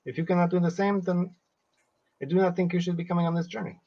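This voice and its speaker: A man's voice: high-pitched, little pitch movement, fast talker. Man playing a proud male adventurer who guards his quest; defiant, occasionally swears, muffled mic. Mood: indignant. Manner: defiant, curses, many filler ums. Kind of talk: in-character tabletop role-play.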